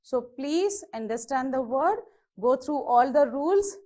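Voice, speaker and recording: High-voiced woman teaching. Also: lively intonation, unhurried, warm tone, dull audio. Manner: patient, repetitive step-by-step explaining with "okay" and "so". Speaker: English teacher. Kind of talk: exam-prep grammar lesson.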